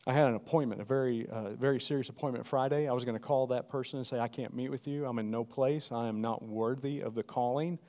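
A middle-aged man preaching a sermon, animated and calling out to the congregation. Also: medium pitch, quick pace, hardly any pauses. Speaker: pastor.

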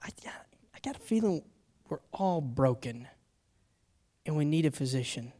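A man's voice: fairly high pitch, animated, moderate pace. Middle-aged man preaching with personal stories. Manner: personal storytelling, swinging from hushed to loud and urgent. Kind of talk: sermon.

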